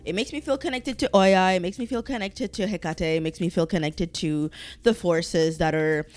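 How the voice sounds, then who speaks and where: A woman's voice: mid-range voice, lively intonation, moderate pace, darkish tone, no room sound, soft background music. A woman hosting her own podcast in a casual, rambling solo chat. She swears freely, trails off, restarts her sentences and speaks candidly. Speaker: podcast host.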